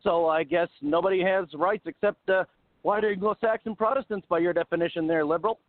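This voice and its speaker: Male caller, higher pitch, laid-back and opinionated, sarcastic; dry, narrow phone audio. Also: brisk, no room sound. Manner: casual, opinionated, sarcastic quoting. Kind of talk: call-in radio chat. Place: outside a barbecue restaurant. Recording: dry, tinny phone line.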